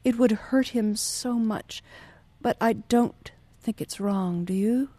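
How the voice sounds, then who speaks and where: A woman voicing a gentle, guarded young lady who speaks softly and hesitantly. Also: fairly high pitch, slow pace, no room sound. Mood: pleading. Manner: soft, pleading, hesitant.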